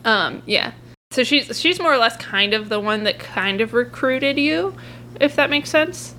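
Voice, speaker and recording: A woman runs a tabletop game, narrating the scene in a somewhat high voice. She talks chattily, laughs often and restarts her sentences. A faint hum sits beneath the recording. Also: expressive, unhurried, pushed and bright. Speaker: game master.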